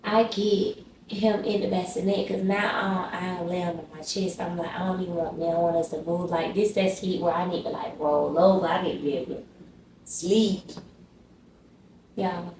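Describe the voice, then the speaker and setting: A woman's voice: lowish voice, steady tone, moderate pace. Woman chatting a storytime to her viewers, kinda far from the mic, echoey room, faint hum behind. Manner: chatty, talks straight to viewers, slangy. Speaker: vlogger. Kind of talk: casual storytime.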